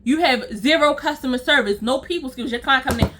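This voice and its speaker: A woman's voice: high-pitched, fairly quick, background noise. A young woman telling a storytime to her viewers, blunt, profane and exasperated, talking straight to her audience. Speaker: storytime vlogger. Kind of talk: casual storytime rant to viewers.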